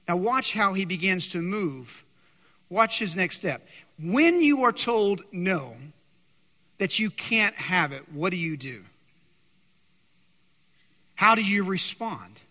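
A man preaching to his congregation with a high, bright, forceful voice, constantly quizzing the listeners. His sermon rings through a church sanctuary with a long reverb tail. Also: slow pace, pauses often. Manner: animated, keeps quizzing the congregation. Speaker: pastor.

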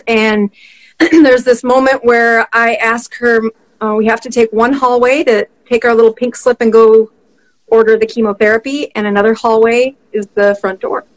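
A middle-aged woman, a physician guest, telling a personal story in conversation, animated and quick to laugh. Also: fairly high pitch, low-quality recording.

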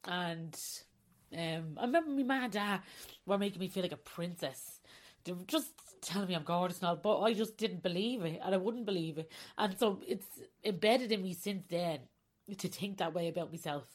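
In a personal podcast monologue, a female host in her forties opens up frankly about her own life, laughing often as she goes. She talks at a normal speed in a fairly low voice.

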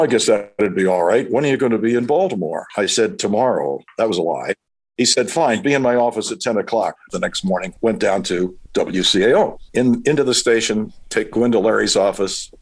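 Older man with a husky, lowish voice. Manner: animated anecdotes, acts out quoted voices. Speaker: radio broadcaster recalling his career. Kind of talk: casual storytelling.

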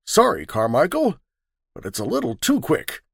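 A man's voice: fairly high pitch, huge pitch swings, normal speed, creaky, breathy edge, no echo, clean studio sound, voice pushed up, heavily acted. A man voicing a brusque, impatient male executive in a dramatic story reading, with clipped, curt speech.

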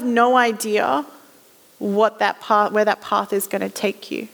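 A woman's voice: mid-range voice, fairly even intonation, a little fast, vocal fry. A woman giving a conversational sermon, acting out little voices as she tells stories. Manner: conversational storytelling, acts out voices. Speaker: guest preacher. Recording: reverberant hall.

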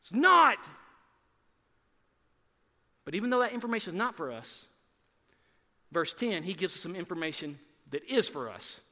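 Sermon pastor, bright high-pitched man, lively and animated, church hall reverb. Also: normal speed, long pauses. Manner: animated, acts out biblical voices with rising emphasis. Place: church sanctuary.

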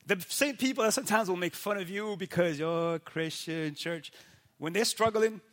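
A male pastor speaking in a casual, animated way, with a high voice. His tone is bright and forceful, and he keeps checking in with his listeners. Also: moderate pace. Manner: animated, keeps asking "right?" and acts out quoted people. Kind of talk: casual faith talk.

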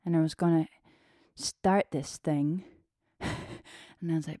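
A woman's voice: low-pitched, flat delivery, unhurried, breathy edge, no echo, studio quality. Breathless, chatty woman podcast host. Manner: chatty, warm-hearted, free-flowing with fillers. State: a little out of breath. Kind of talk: casual solo podcast talk.

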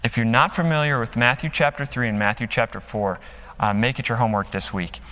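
A man's voice: mid-range voice, fairly quick, bright, forceful tone. A man preaching a sermon as pastor, emphatic, acting out quotes with dramatic rises and drops, speaking from a church stage. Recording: long hall reverb.

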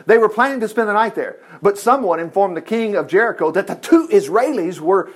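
High-voiced man preaching an animated sermon. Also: a little fast. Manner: animated, chatty, with joking asides and acted-out quotes. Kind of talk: informal sermon retelling Bible stories.

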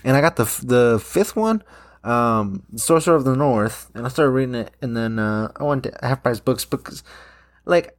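A young man, rambling casually to camera, swearing often and trailing off into fillers. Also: medium pitch. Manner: rambling, swears a lot, many fillers and restarts. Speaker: vlogger.

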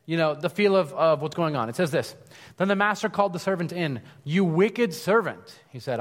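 Animated preacher man, echoing hall. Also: high voice. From United States. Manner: conversational, animated storytelling with frequent asides. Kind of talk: sermon. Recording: long hall reverb.

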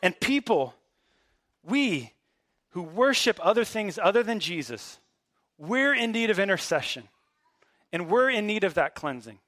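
Male pastor, high voice, dry close sound, relaxed but emphatic preaching. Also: a little slow, long pauses, no room sound. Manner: conversational, emphatic preaching with casual asides. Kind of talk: sermon.

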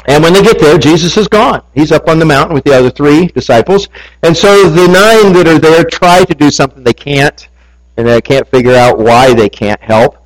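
A man's voice: a little high, moderate pace, rough recording. A male pastor preaching a sermon, telling a story, reading scripture and asking his congregation questions. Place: church.

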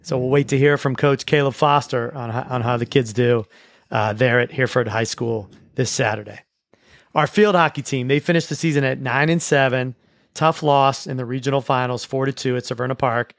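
A man's voice: medium pitch, fairly quick. A man hosts a school sports show in an easygoing way, recapping games in an ordinary middle voice. He often trips over his words and restarts sentences. The sound is close and dry, with no room echo. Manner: relaxed, with frequent restarts and repeated words. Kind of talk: casual sports recap chat.

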